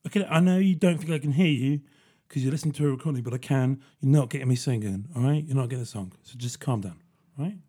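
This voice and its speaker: A man hosts a solo podcast in a mid-pitched voice. He rambles and jokes at his own expense, breaking into laughter often. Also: quick pace, dark tone, breathy edge. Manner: rambling, jokey and self-deprecating, with frequent laughs. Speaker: podcast host. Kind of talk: solo comedic podcast monologue.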